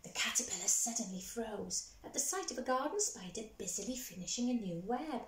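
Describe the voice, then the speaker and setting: A woman storyteller reads a children's picture book aloud, with a fairly high voice that swoops up and down. She keeps turning to her young listeners with questions. The room sounds echoey, with a faint hiss underneath. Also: animated, fairly quick.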